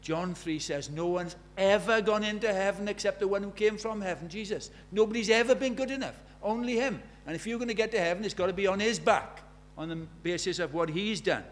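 A man preaching a sermon in a church, emphatic, asking rhetorical questions and swinging from loud to hushed. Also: sits high, a little fast, hardly any pauses.

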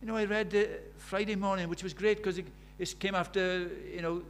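A man's voice: high-pitched, steady tone, fairly quick, a little hiss or hum. A man preaching a sermon, emphatic and storytelling, firing rhetorical questions at the congregation.

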